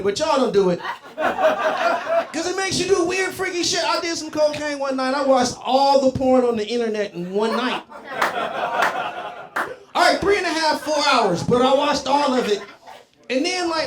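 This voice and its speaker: A man's voice: extremely high pitch, background noise. A man from Columbus, Ohio, doing a stand-up comedy set, with loose, profane, rambling banter with the crowd, on a club stage with a handheld mic. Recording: echoey club with crowd laughter.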